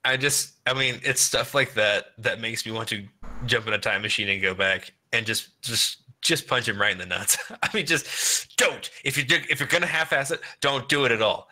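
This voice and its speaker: Bright, animated male co-host in casual podcast chat, laughing and cursing. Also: medium pitch, moderate pace. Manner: animated, laughing, swears freely.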